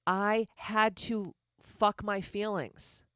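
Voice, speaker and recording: Deep-voiced woman ranting bluntly. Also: steady tone, very slow, fairly bright tone, clear, resonant tone, no room sound, clean studio sound. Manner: blunt, profane and confrontational; repetitive rhetorical questions. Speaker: podcast host. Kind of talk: motivational podcast rant.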